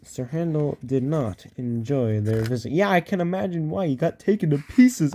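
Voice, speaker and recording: A man's voice: a little high, moderate pace, few pauses, mellow. A man reading a children's storybook aloud, casual, with joking asides and small stumbles. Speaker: storybook reader.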